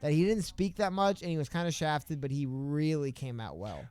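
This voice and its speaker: A man co-hosting a casual political live stream, talking in an easygoing, animated way. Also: a little high, normal speed, clean tone, dry recording. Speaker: co-host.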